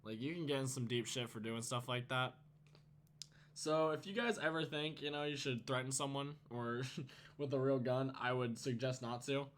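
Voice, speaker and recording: A man's voice: medium pitch, fairly even intonation, moderate pace, a bit bright. A teenage man telling a storytime vlog, casual and profane, rambling and laughing. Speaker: YouTuber.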